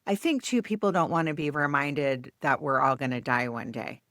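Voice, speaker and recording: A woman's voice: deep voice, normal speed, a bit bright, no echo, studio quality. A woman hosting a casual podcast chat, asking probing questions and thinking aloud as she goes. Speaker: podcast host. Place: podcast studio.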